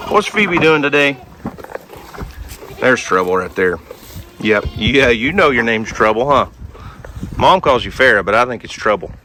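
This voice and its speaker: Man, mid-pitched, joking banter with livestock outdoors, faint farmyard noise. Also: sharp tone. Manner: joking, coaxing, talks to animals like pals. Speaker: homesteader vlogger. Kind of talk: casual chat to farm animals. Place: outdoors at a barn.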